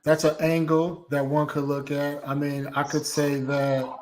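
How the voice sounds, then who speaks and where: A man co-hosting a casual live-stream discussion who thinks aloud in halting phrases and often restarts his sentences. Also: on the high side, monotone.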